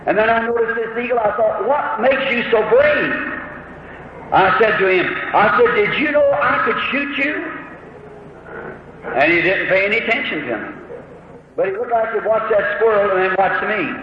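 Fervent preacher, high voice, hissy old hall recording. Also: male voice. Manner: fervent, emotional storytelling, voice climbing high when excited. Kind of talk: storytelling sermon. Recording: old muffled hall recording with heavy hiss.

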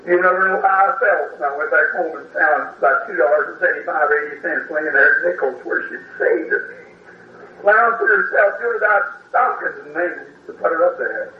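A man's voice: on the high side, slight background noise. A middle-aged man preaching, telling a story in a folksy way and acting out the voices he quotes. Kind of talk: sermon storytelling. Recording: old lo-fi echoey recording from a distance.

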